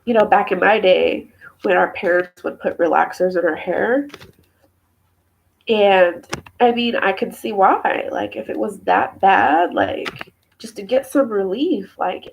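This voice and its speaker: A woman's voice: mid-range voice, moderate pace, creaky, slight background noise, rough recording. A young woman and mother, tearful and emotional, venting at length in a personal vlog, rambling with many fillers. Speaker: mother talking to camera.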